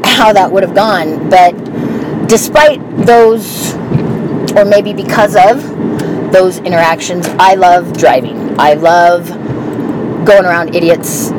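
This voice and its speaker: A woman telling stories in a candid, profane, casual way while she drives her car. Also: medium pitch. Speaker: vlogger. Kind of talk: casual monologue while driving. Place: inside a car on the road. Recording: loud road and car noise.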